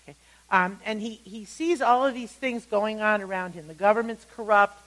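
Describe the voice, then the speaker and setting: Woman teaching a lively Bible lesson. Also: mid-range voice, moderate pace, rough recording. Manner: animated storytelling, acting out quotes. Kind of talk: Bible lesson with story retelling.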